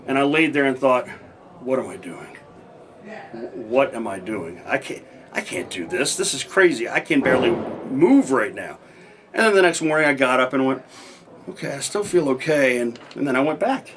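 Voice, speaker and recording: A man's voice: medium pitch, fairly bright tone, a little hiss or hum. A man telling stories in a casual interview, rambling with many restarts and acting out old conversations. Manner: rambling, many restarts, acts out quoted dialogue. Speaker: interview guest, former pro wrestler.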